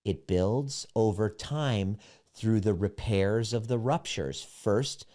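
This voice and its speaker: A man's voice: on the low side, slow, warm tone. A man, a relationship coach, tells a candid personal story and draws earnest lessons from it, blunt and emphatic and swearing freely. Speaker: self-help relationship coach.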